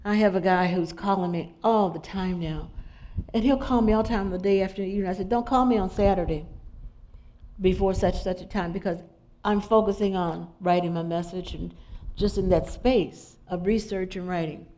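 A woman's voice: mid-range voice, normal speed. Woman preaching in a chatty style. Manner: conversational, animated storytelling. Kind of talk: informal sermon with anecdotes.

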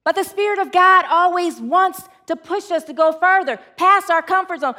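A woman preaching a sermon in a lively, conversational way, telling a comic story. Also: very high-pitched, normal speed, hardly any pauses.

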